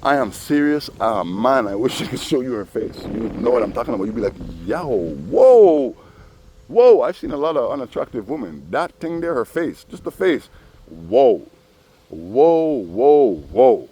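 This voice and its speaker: A man's voice: medium pitch, lively intonation, fairly quick, hardly any pauses, a little hiss or hum. A man telling profane, rambling stories full of asides in a personal vlog. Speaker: vlogger.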